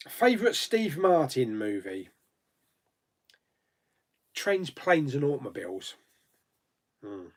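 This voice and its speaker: A man's voice: medium pitch, big pitch swings, slow, pauses often. A man hosting a casual live chat, reading viewer comments aloud and answering them with frequent laughs. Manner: chatty, laughs often, reads comments aloud then answers. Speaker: YouTube host.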